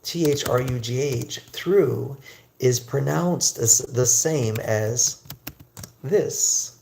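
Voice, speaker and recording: A man teaching English on a livestream, chatting with viewers and slowly drilling pronunciation. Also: mid-range voice, vocal fry, a little mellow, slight background noise. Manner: slow, drawn-out pronunciation drills.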